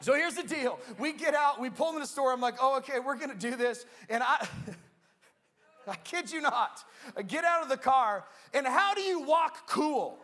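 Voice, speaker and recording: High-voiced, animated young male pastor. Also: normal speed. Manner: animated, playful, acts out his own story. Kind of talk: sermon with humorous storytelling.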